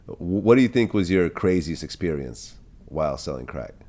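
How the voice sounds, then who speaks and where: A man interviewing a guest, asking plain, measured questions. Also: low-pitched, expressive, dark tone, slight background noise.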